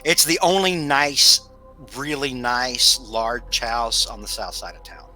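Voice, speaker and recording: A man narrating as game master of a tabletop horror game in a relaxed, halting way. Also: mid-range voice, soft background music, low-quality recording.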